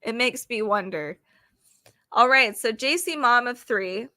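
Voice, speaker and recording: A woman's voice: fairly high pitch, expressive, measured pace, sharp tone, no room sound, clean studio sound. A woman hosting a casual trivia livestream, chatty and apologetic as she reads questions aloud to her chat. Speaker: livestream host running trivia games.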